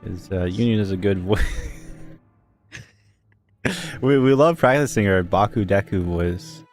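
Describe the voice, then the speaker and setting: Giggly low-voiced man joking with a friend. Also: darkish tone, soft background music. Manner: joking, giggly, quick to laugh. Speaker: streamer. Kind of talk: casual chat between friends.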